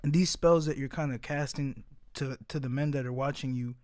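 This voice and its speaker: A man's voice: medium pitch, steady tone, a little fast, darkish tone. A man hosting a podcast, asking his guest probing questions with open admiration. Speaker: podcast host. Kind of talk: casual interview.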